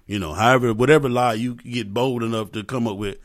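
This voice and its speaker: A man's voice: mid-range voice, steady tone, quick pace, few pauses. A man hosting a podcast, talking in a loose, profane, joking way, with lots of asides to his listeners. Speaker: podcast host. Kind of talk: casual comedic podcast rant.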